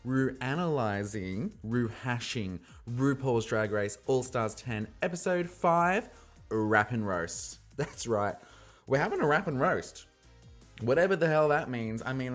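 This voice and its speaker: A man hosting a casual solo podcast recap, playful and animated, acting out quotes in shifting voices. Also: mid-range voice. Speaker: podcast host recapping a reality show.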